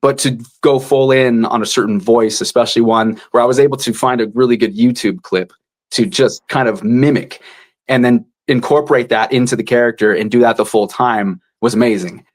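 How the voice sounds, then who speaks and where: Male audiobook narrator, casual and animated, mid-range voice, chatty interview guest. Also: mid-range voice. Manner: animated, drops into quick character voices.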